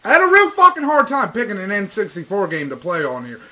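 Young male let's-play host, bright high voice, profane and excitable, faint game music underneath. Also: quick pace. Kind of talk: casual gaming commentary.

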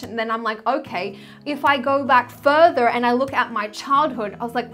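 A woman's voice: fairly high pitch, fairly quick, fairly bright tone, soft background music. A woman in her thirties who works as a spiritual coach, talking to camera in a personal, confessional vlog and leaning hard on the word "literally.". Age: 30s. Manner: heartfelt, confessional, repeats "literally". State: tearful, choked up.

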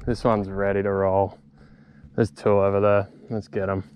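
A young man, a fishing vlogger, talking excitedly to camera and to the fish outdoors on the water, swearing as he goes. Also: fairly low pitch, moderate pace, a little hiss or hum. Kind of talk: excited solo fishing commentary.

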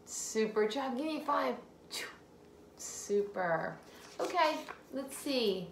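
A woman teacher leading a phonics game for young children, sounding out words slowly, repeating them and praising the child between turns. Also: a little high, expressive, echoey room, a little hiss or hum. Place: home room.

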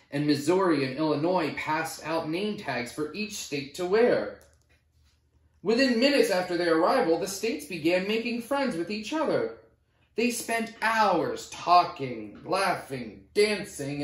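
Animated man reading a picture book aloud. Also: fairly high pitch, a little slow. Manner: animated storytelling. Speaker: storybook reader. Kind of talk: children's read-aloud. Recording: roomy echo.

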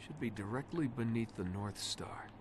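A man playing a young adventurer hero in a video game, talking in a steady, matter-of-fact way. His mid-pitched voice stays even as he reasons through the puzzle out loud. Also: normal speed, slight background noise, lightly acted. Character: young male adventurer solving a star puzzle.

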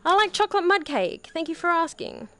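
A woman's voice: extremely high pitch, big pitch swings, fairly quick, a bit bright. A young woman streaming a VR horror game at home, jumpy and prone to yelps while she counts aloud. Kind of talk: live-streamed VR horror gameplay commentary. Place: home room.

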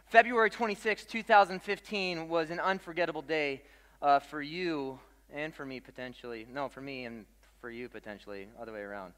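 A young man preaching a sermon as pastor, telling stories with jokes and an animated delivery to a congregation. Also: a little high, brisk. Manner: joking, animated storyteller. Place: large church hall. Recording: long hall reverb.

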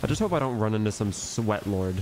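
A man's voice: fairly low pitch, lively intonation, a little fast, mellow, a little hiss or hum. A man giving casual gameplay commentary, joking and rambling to himself as he plays. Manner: joking, rambling self-talk. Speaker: gaming video host.

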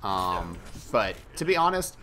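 Rambling young man, low voice. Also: very animated, a little slow, bright, forceful tone, a little hiss or hum. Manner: rambling, self-mocking, casually profane. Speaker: gaming YouTuber. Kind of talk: casual chat while playing a game.

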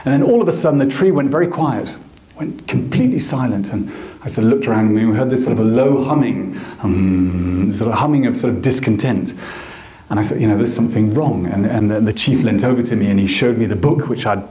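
A male photographer giving an anecdotal lecture, telling stories with animated acted quotes. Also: fairly low pitch, a little fast, echoey room. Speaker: photographer and guest speaker. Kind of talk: storytelling lecture. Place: lecture hall.

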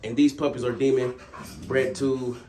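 A man's voice: medium pitch, flat delivery, normal speed, dark tone, slight background noise. A man talking casually to his viewers as a dog breeder, calling them y'all and breaking off to scold his dogs. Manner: laid-back, talks to dogs mid-sentence. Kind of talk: casual vlog.

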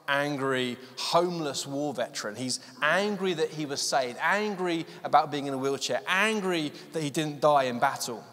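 A male preacher giving a sermon, telling a story with many fillers and slowing down to stress his key points. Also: a little high, fairly bright tone, in a large hall. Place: church hall.

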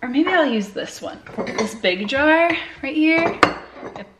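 This casual vlog features a young woman at home talking straight to her viewers in a chatty, candid way. Her voice sits high and is expressive, she speaks slowly, and background noise can be heard.

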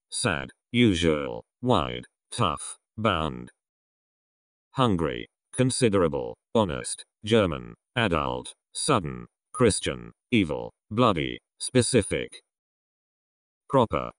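A man reading a vocabulary list aloud, one word at a time with pauses between words. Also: low voice, no room sound, clean studio sound. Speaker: vocabulary reader.

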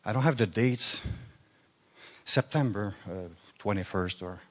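French-Canadian man preaching with a warm joking lilt. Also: fairly low pitch, unhurried. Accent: Quebec French. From Quebec, Canada. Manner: chatty, joking asides, bursts of enthusiasm. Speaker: guest minister. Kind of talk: informal sermon. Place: church meeting on stage.

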